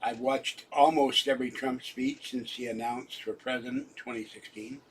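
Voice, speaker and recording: A man's voice: mid-range voice, fairly even intonation, normal speed, slight background noise, rough recording. A man in his sixties hosting a livestream, chatting to viewers in a rambling way with frequent restarts. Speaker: livestream host. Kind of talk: rambling live-stream chat.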